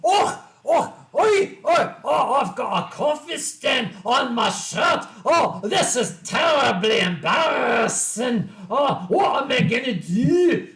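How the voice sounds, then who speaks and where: A man doing a mock-Scottish impression of a scrawny, excitable young furry who stammers and shouts. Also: very high voice, slow pace, hardly any pauses, roomy sound, pitched above the performer's own voice, exaggerated voice. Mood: flustered.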